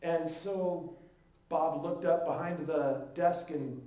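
A man's voice: a little high, takes it slowly. A male pastor telling a story in a sermon, acting out the voices of the people in it. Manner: lively storyteller who acts out the dialogue. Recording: echoey room, mic at a distance.

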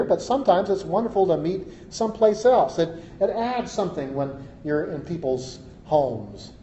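A man's voice: medium pitch, warm tone. A man preaching a sermon as a pastor, in a conversational way, repeating words and adding wry humor. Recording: echoey, dull, faint hiss.

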